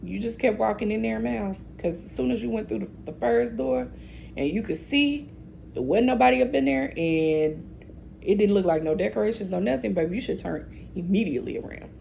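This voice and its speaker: A woman's voice: medium pitch, lively intonation, brisk, creaky, warm tone, a little hiss or hum. A woman recapping a TV episode in a casual, opinionated way, often talking straight to the characters. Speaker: TV recap host.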